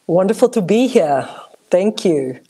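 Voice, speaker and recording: A woman with a mixed South African accent, a guest talking on a video call, expressive and searching for words. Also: fairly low pitch, measured pace, slightly rough. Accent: South African mixed with other languages. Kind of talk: casual interview over video call.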